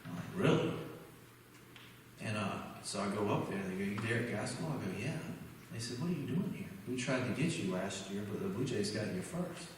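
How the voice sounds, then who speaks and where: A man giving a guest sermon in a church, telling a personal story and acting out the dialogue with animated energy. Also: on the low side, a little fast, noisy background. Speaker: guest speaker. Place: church sanctuary. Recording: echoey church hall from far off.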